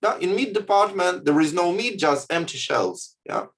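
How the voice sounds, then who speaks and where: A man giving a talk on contemplative practice, speaking slowly and deliberately and often checking in with "yeah?". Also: high voice, expressive, fairly bright tone. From Russia or former Soviet Union. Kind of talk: lecture with guided exercise. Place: video call.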